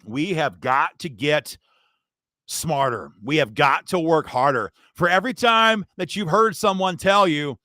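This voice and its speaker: Fired-up high-voiced male livestream host. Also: big pitch swings, normal speed, sharp tone, dry recording. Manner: fired-up, indignant, speaks straight to viewers as "guys". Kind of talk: impassioned political livestream rant.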